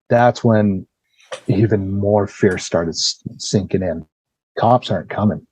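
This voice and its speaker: A man's voice: on the low side, slow, darkish tone, breathy edge. A man who is a podcast guest, recounting a personal ordeal in casual, blunt, profane storytelling full of "you know" and "like".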